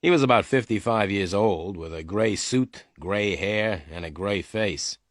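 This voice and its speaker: A man giving slow, clear scripted narration of a detective story for English learners. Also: on the low side, dry recording, clean studio sound.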